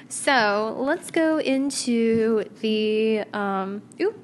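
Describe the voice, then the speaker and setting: A woman's voice: fairly high pitch, measured pace, a little hiss or hum. A young woman doing a casual tarot reading to camera, chatty, blunt and slangy, swearing now and then. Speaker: tarot reader.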